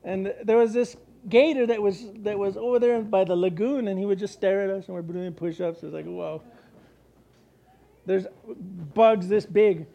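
Middle-aged male pastor from the US, high voice, animated preaching, answers his own questions. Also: moderate pace, lo-fi sound. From United States. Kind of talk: sermon.

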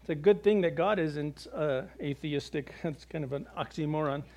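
High-voiced male preacher, conversational. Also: normal speed, a little mellow. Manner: conversational preaching with jokes and acted quotes. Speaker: pastor. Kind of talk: sermon.

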